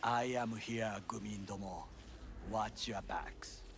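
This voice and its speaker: An actor playing a stern, formal middle-aged male corporate bodyguard in a video game, speaking in clipped, measured lines. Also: on the low side, creaky, background noise. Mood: grave. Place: game soundtrack played on a live stream. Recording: game audio under a loud stream.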